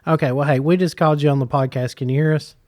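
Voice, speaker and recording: A man's voice: a little high, steady tone, fast, darkish tone, no echo, studio quality. A middle-aged man, co-hosting a podcast in casual chat and telling teasing stories. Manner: joking, teasing storyteller. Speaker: podcast co-host. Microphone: podcast microphone.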